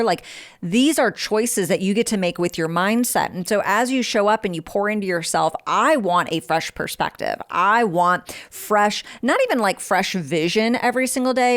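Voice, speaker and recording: Woman, motivational podcast host, direct, frank, coaching, casual. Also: medium pitch.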